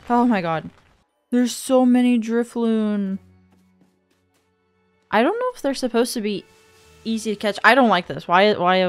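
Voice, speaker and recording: A woman giving gameplay commentary, talking to herself and gasping and exclaiming at what happens on screen. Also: medium pitch. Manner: talks to herself, gasps and exclaims at the game. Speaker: gaming streamer. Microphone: dynamic studio microphone.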